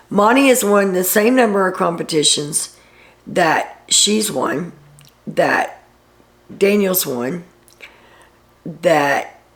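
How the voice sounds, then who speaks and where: Low, gravelly woman host; casual gossipy recap with dry sarcastic asides.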